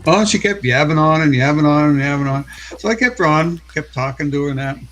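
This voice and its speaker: Slightly high-voiced man telling a story. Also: expressive, a bit bright. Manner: chuckling, drawn-out storytelling. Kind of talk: casual chat.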